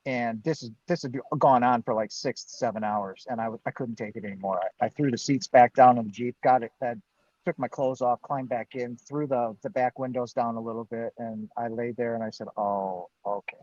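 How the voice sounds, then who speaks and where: A man's voice: medium pitch, steady tone, a little fast, darkish tone, no room sound. A man, a guest on a live Q&A, telling his own story with animation, acting out what he and others said and laughing now and then. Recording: dull, dry lo-fi stream audio.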